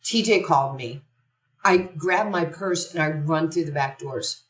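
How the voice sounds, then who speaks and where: An older woman, a podcast guest, telling long stories in an animated, long-winded way. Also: low-pitched, a little slow. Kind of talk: conversational storytelling. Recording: echoey room, distant from the mic.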